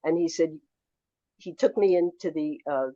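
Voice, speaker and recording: Low-voiced older woman telling stories. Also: normal speed, no room sound, highs cut off. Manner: animated anecdotal storyteller. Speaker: memoir author guest. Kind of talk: storytelling in a podcast interview.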